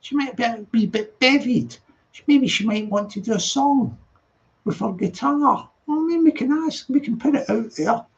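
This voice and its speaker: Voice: medium pitch, expressive, normal speed, muffled recording. A live stream host, rambling and chatty while reading viewer comments late at night, laughing often.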